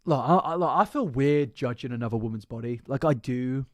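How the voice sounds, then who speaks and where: A British woman with an extremely low voice live streams, ranting casually to her chat at a fairly quick clip. She's animated, swears a lot, and reacts to chat, and the recording is dry and studio quality.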